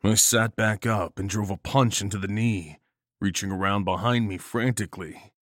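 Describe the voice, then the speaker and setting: A man's voice: on the low side, steady tone, normal speed, fairly bright tone, no room sound, studio quality. A man giving an intense, dramatic first-person narration of a horror story.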